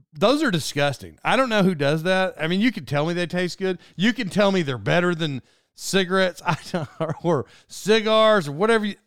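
A man with a slightly high, smooth and clear voice hosts a podcast. He talks in a loose, rambling monologue, often restarting mid-thought and laughing along the way. The sound is dry and close. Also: a bit bright, no room sound. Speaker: podcast host. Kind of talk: casual monologue.

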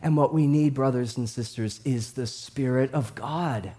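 Guy pastor preaching, lively storyteller, laughs a lot, goes quiet then loud. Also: mid-range voice, a little slow. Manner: animated storytelling with laughs, swings from hushed to loud. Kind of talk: sermon.

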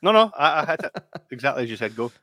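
A middle-aged Scottish man chatting on a podcast, telling stories and laughing often. His voice has an ordinary, middling pitch for a man. It is recorded close and dry, with no room sound. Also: very animated, quick pace, pushed and bright, dry recording. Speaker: podcast co-host. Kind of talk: casual chat.

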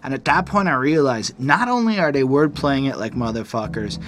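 A man's voice: medium pitch, lively intonation, normal speed, fairly bright tone. A young man co-hosts a casual music review, talking loosely and swearing as he praises the lyrics. His voice sits in an ordinary middle register. He reads out lines of verse between his comments. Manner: enthusiastic, profane, quotes rap lyrics. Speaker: album review co-host.

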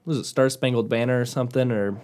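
A man's voice: medium pitch, fairly even intonation, fast talker, a little mellow. Easygoing man in casual podcast chat. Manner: easygoing, joking, rambling. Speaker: podcast co-host. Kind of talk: casual chat about movies.

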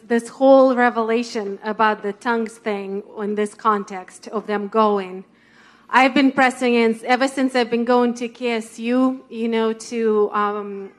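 A woman with a Russian accent sharing earnestly and personally in a sermon. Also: a little high. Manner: earnest, personal, laughs at herself.

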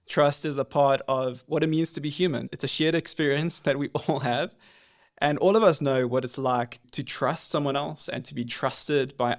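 A man hosting a podcast, who asks his questions in a measured and reflective way. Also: a little high. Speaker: podcast host. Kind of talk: interview questions.

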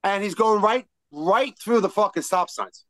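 A high-pitched man spins a rowdy old story among friends, swearing freely and bursting into shouted quotes. His voice sits close and dry, with no room around it. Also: normal speed, no echo, poor audio. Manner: animated, profane, shouts out quotes mid-story.

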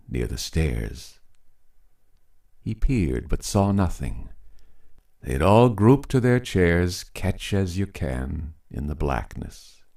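A man reads a story aloud in a deep, low voice. He takes his time, letting each phrase land in a measured, unhurried rhythm that suits a storybook narration. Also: a little mellow. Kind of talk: scripted narration.

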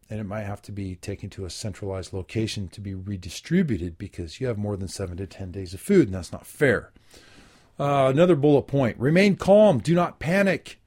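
A man's voice: on the low side, mellow. A man hosting a spoken commentary, reading aloud from an article and breaking off for dry, wry asides of his own. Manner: plain, unhurried, frequent filler ums and uhs. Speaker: host.

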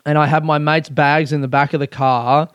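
Man, podcast host, higher-pitched voice, loose rambling delivery, dry close sound. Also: flat delivery, normal speed, a bit bright, clean tone, no echo, muffled recording. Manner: rambling, self-mocking, swears freely. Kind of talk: casual solo podcast chat.

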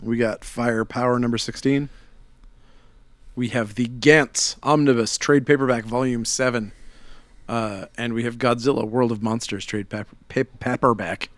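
A man's voice: medium pitch, steady tone, normal speed, dry recording. A man with a Chicago accent, hosting a casual chat and reading through new comic releases with frequent laughs. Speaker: comic shop podcast host.

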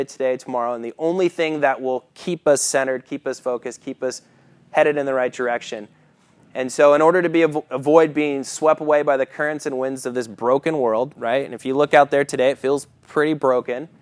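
A man delivers a sermon as a relaxed personal story, chuckling between lines and checking in with "right?" as he goes. His voice sits in an ordinary middle pitch, and the mic is close and dry. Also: dry recording. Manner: casual storytelling with chuckles and asides; keeps asking "right?" as he preaches. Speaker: preacher.

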